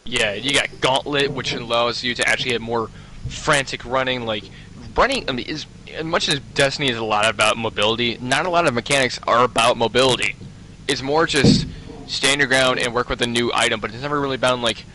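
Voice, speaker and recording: A man's voice: medium pitch, brisk, bright, forceful tone, a little hiss or hum, low-quality recording. A man co-hosting a casual gaming chat, rambling with many fillers and restarts. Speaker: podcast co-host.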